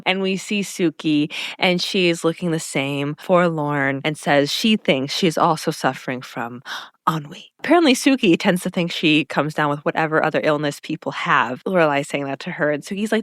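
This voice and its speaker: A woman's voice: deep voice, brisk, a bit bright, no room sound, studio quality. A woman co-hosting a podcast, retelling scenes in casual chat and acting out characters' lines. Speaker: podcast co-host.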